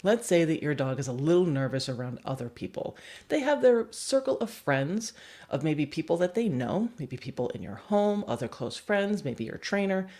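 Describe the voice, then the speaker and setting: A young adult woman and dog trainer giving a livestream lesson, animated and acting out examples. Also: low-pitched, normal speed. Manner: animated, acts out examples with voices.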